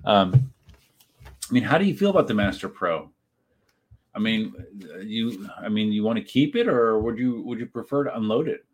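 A livestream host with a fairly low, expressive voice speaks at a normal speed. Sitting at his desk setup while live, he reads viewer comments aloud and answers them in a rambling, chatty way.

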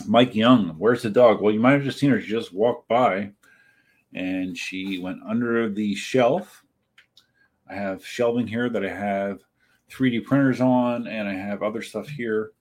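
Man, livestream host, low husky voice, chatty, reads chat comments and answers them. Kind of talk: casual livestream chat reading viewer comments. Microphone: desk setup while live streaming.

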